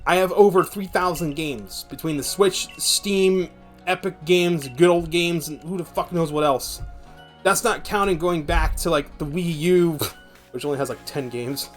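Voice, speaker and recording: Male streamer, 20s, raised pitch, foul-mouthed rambling rants, faint background music. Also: measured pace. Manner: profane rambling rant. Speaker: VTuber streamer. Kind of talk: casual game stream chat.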